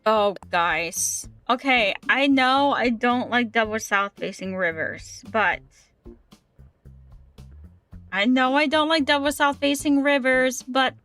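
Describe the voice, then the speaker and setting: A woman's voice: fairly high pitch, measured pace, few pauses, fairly bright tone, faint music behind. A woman gaming streamer chatting casually with her livestream, reading chat aloud and often repeating herself.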